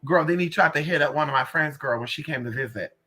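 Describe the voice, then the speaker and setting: A young man telling a story in a casual, animated way, sassy and full of profanity. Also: on the high side, quick pace. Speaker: vlogger.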